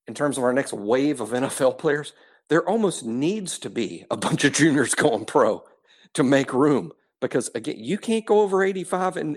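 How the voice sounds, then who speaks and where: Rambling man talking football. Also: mid-range voice. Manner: rambling, self-interrupting. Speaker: podcast co-host. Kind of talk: casual sports chat.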